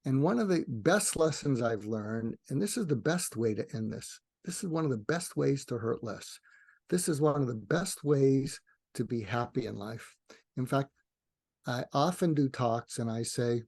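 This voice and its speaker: A man's voice: gravelly, a little mellow, husky, dry recording, studio quality. An older man, a psychiatrist guest in a podcast interview, telling a story with many restarts and acting out the dialogue. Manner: rambling with frequent restarts, acts out dialogue with rising pitch.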